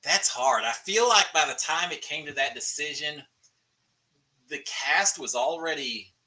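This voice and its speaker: A man's voice: on the high side, unhurried, low-quality recording. A middle-aged man, chatting casually as host of a live stream and answering viewer questions in a folksy way. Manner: animated, folksy, restarts and uh fillers.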